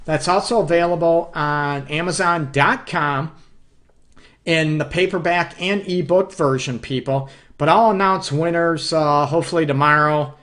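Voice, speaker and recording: On his live relationship advice show, a counselor from the Detroit area speaks in a fairly high-pitched, slightly bright voice without rushing. He makes his points emphatically, peppering them with "okay?" and "you know what" to check in with listeners.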